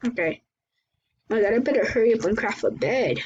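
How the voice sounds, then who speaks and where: A woman hosting her gaming channel, chatting excitably through live gameplay commentary, often exclaiming and apologizing. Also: on the high side, fairly quick, slightly rough. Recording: dull lo-fi recording with faint hiss.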